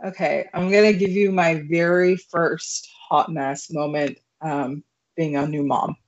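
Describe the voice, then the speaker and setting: A young woman telling a story as a podcast guest, animated and laughing, with plenty of fillers. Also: sits low, a little slow. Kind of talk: casual storytelling. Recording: muffled lo-fi recording.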